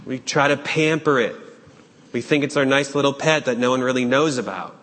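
A man preaching a sermon, urgent and questioning, with dramatic pauses. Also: medium pitch, fairly bright tone. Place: church sanctuary. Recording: long hall reverb.

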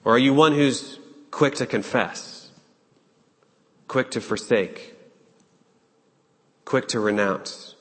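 A man preaching a sermon, urgent and questioning, with dramatic pauses. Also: medium pitch, fairly bright tone. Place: church sanctuary. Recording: long hall reverb.

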